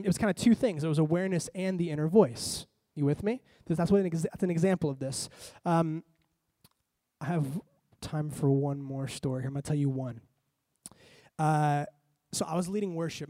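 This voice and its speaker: A man pastor preaching a sermon, telling a story with lively asides and acting out his own reactions. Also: high-pitched, dry recording. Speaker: lead pastor.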